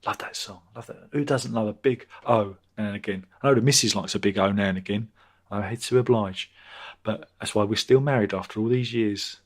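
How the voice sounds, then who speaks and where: A British man in his fifties hosts a laid-back live stream, his lowish voice at a moderate pace. He rambles across viewer comments, making crude jokes and repeating things many times.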